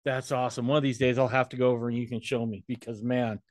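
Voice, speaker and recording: A man hosting a podcast in a relaxed, encouraging way. His voice sits at an ordinary middle pitch and sounds dry and close, with little room sound. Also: fast, dry recording. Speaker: podcast host. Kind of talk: casual interview chat.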